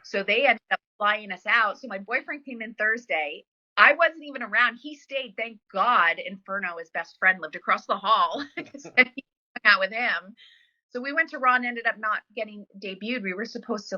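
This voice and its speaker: A woman tells a long story in a relaxed interview, chatty and full of fillers, slipping into the voices of people she quotes. Her voice is bright and sharp at a mid pitch. The recording sounds dull and lo-fi. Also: normal speed. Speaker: podcast guest, former wrestler.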